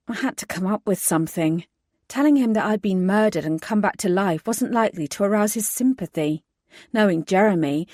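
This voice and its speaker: A woman reading a first-person audiobook in a steady, measured voice. She lands the heroine's lines with clear emphasis. The sound is dry and close, with no room echo. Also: medium pitch. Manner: measured narration with emphatic dialogue. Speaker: audiobook narrator.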